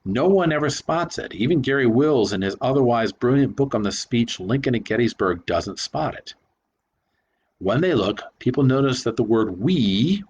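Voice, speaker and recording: A man's voice: medium pitch, breathy edge. A man giving a reflective spoken lecture on rhetoric, talking emphatically and leaning hard on single words. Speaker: commentator on rhetoric.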